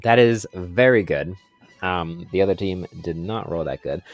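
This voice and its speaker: A man narrating a tabletop game as game master in a relaxed, rambling way with fillers. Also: low voice, normal speed, dry recording, soft background music.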